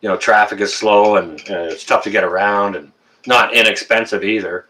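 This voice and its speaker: A man's voice: on the low side, fairly even intonation, normal speed, sharp tone. A Canadian man in his fifties chatting casually with viewers on a live stream, joking and teasing, with frequent fillers and restarts. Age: 50s. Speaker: livestream host.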